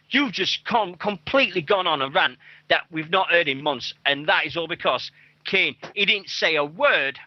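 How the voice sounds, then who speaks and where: A British man co-hosting a wrestling radio show, chatting excitably, laughing often and swearing freely. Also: high-pitched, no room sound. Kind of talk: casual podcast chat. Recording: dull lo-fi podcast audio.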